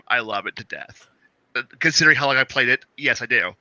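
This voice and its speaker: A man telling a gaming story in casual chat, animated and laughing, acting out his friends' lines. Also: mid-range voice, brisk, dry recording, highs cut off.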